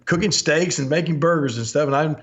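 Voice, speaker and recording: A man's voice: a little high, fairly quick, noisy background. An older man, hosting a podcast and telling rambling stories, laughing often and acting out old quotes. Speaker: podcast host. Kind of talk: storytelling chat. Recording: slightly dull lo-fi audio.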